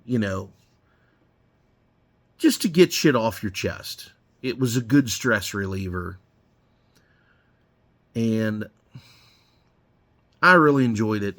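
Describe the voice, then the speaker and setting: A man's voice: on the low side, fairly bright tone. A middle-aged man telling rambling, profane stories in a blunt, casual way while he works in his garage. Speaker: garage owner. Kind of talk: casual storytelling while working.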